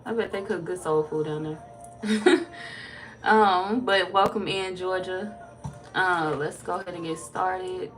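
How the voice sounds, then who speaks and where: A woman's voice: fairly low pitch, steady tone, slow, pauses often, faint music behind. Chatty woman tarot reader on a live stream. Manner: chatty, swears freely, greets viewers by name. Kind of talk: casual live-stream chat.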